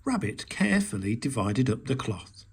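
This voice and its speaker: A man reading a children's storybook aloud in a slow, expressive way. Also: medium pitch, slightly rough.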